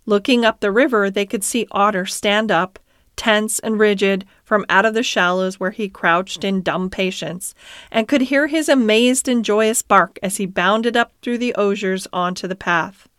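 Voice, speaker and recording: A woman reads a classic children's story aloud at an even mid pitch. Her delivery is calm and measured, like a bedtime reading. The sound is dry and close. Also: clear, resonant tone, no room sound. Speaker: audiobook narrator. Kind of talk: storybook narration.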